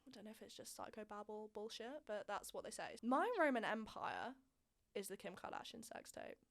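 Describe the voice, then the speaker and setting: A woman's voice: mid-range voice, lively intonation, normal speed, gravelly. A young woman in her twenties, telling a frank personal story in a candid, chatty way with plenty of swearing and emphasis. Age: 20s. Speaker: vlog host.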